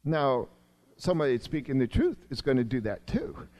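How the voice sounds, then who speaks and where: A longtime pastor in his sixties preaches with a sing-song delivery at normal speed, moving emphatically between urgent, raised lines and quiet, low asides.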